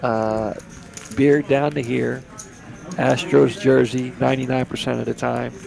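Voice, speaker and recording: A man's voice: medium pitch, level tone, measured pace, gravelly, a crowd in the background. A man giving easygoing, chatty live commentary on a poker table from a booth. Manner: chatty, easygoing, repeats words. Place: commentary booth at a card room.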